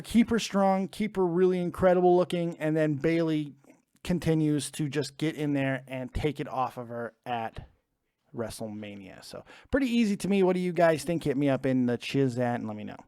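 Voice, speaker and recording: A man's voice: on the high side, expressive, normal speed, a little mellow, smooth, dry recording, clean studio sound. A man hosting a live wrestling prediction stream from home, chatty and joking as he reads out the chat. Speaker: wrestling show host.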